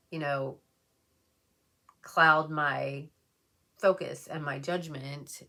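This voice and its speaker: A woman's voice: low voice, a bit bright. A woman talking casually while doing her makeup, emotional and rambling, with many fillers. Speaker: beauty vlogger. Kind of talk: casual get-ready-with-me chat.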